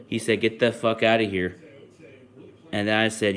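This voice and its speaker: A man's voice: fairly low pitch, little pitch movement, moderate pace, fairly bright tone. A young man hosting a sports podcast, chatting casually and rambling with frequent ums and restarts. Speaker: podcast host.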